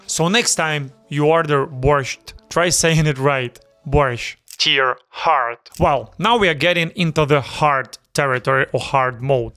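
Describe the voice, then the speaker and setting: A man from Ukraine with a Ukrainian accent, hosting a pronunciation lesson and speaking slowly and deliberately, repeating words to demonstrate their sounds. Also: a little high, fairly bright tone, dry recording. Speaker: YouTube host teaching pronunciation.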